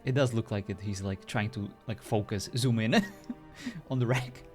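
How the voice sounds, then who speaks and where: A man's voice: lowish voice, expressive, moderate pace, darkish tone, faint music behind. A European man chatting casually with viewers as a streamer, laughing often and joking around.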